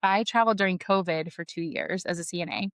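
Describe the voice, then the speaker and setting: Lively woman telling funny work stories. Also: fairly low pitch, quick pace, dry recording. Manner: animated, laughs often, acts out quoted lines. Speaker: podcast guest, lead EMT. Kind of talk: casual storytelling chat.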